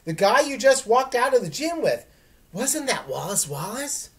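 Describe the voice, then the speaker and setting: A gushing, breathless ten-year-old boy from a storybook, as a woman reads him aloud. He sits high in pitch and his voice leaps up and down with excitement. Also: normal speed. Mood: excited.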